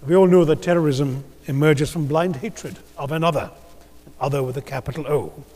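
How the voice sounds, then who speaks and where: A man from India giving a measured, rhetorical conference speech with gentle humor in a large auditorium. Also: fairly high pitch. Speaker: keynote speaker. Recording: long hall reverb.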